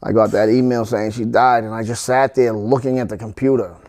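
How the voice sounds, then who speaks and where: A middle-aged man speaking at a middle pitch, telling a hard personal story as a podcast guest. He talks haltingly, stops and restarts, and leans on fillers as he goes. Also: steady tone, a little mellow.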